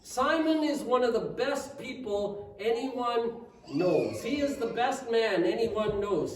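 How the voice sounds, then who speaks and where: A man's voice: very high-pitched, expressive, slow. A man preaching a sermon as pastor, telling a story with asides and rhetorical questions to the congregation. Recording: echoey room, mic at a distance.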